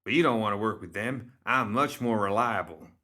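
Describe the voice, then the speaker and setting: A man voicing a tall, quiet male wilderness guide with a heavy drawl, in a storybook reading. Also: fairly low pitch, expressive, normal speed. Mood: insistent.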